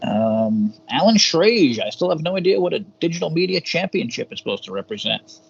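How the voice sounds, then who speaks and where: A man's voice: on the high side, very animated, fairly quick, vocal fry. A man co-hosting a podcast, chatting casually and rambling through a wrestling review with hesitant fillers and casual swearing. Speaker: podcast co-host. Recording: dull lo-fi sound with faint hum.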